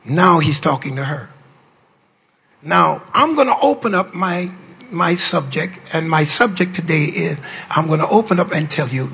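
An older man, a bishop, preaching a sermon to pastors with playful, boastful asides, drawling low and then bursting into shouts. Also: lively intonation, moderate pace, vocal fry, breathy edge. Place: large hall. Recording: long reverb of a large hall.

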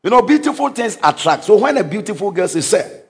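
A male pastor delivers a lively sermon in a high, bright voice that leaps up and down. He bursts into sudden shouts and chuckles at his own anecdotes. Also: fairly quick, slight background noise. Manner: animated preaching, sudden shouts, laughs at own stories. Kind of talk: energetic sermon.

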